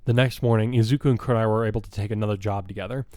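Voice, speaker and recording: Man reading fan fiction, quick pace, mellow dark tone, dry close sound. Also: fairly low pitch, fairly even intonation, dry recording. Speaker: narrator.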